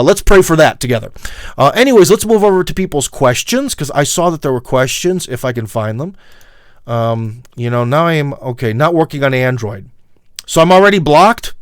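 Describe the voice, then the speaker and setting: A man's voice: fairly high pitch, no room sound, studio quality. Midwestern American man hosting a livestream. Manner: rambling, many fillers, emphatic asides to viewers. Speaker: livestream host. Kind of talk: casual livestream monologue.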